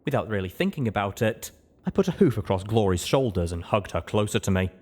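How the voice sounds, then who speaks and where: A man reading a first-person fantasy audiobook in an expressive storytelling manner. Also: on the low side, quick pace, slightly rough. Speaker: audiobook narrator.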